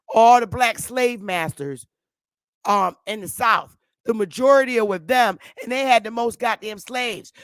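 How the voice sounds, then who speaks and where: A woman's voice: mid-range voice, dry recording. A woman hosting a live stream, ranting in blunt, brash commentary. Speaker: livestream host.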